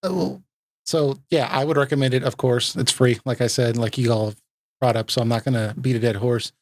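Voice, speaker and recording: A man hosting a casual gaming podcast, enthusiastic and laughing often, with quick asides. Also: medium pitch, steady tone, no echo. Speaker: podcast host.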